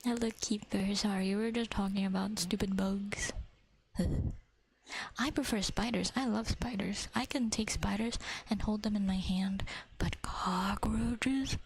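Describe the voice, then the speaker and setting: A woman's voice: medium pitch, fairly even intonation, unhurried, creaky, breathy edge, poor audio. A woman hosting an ASMR livestream, chatting in a casual whisper, giggly and swearing freely.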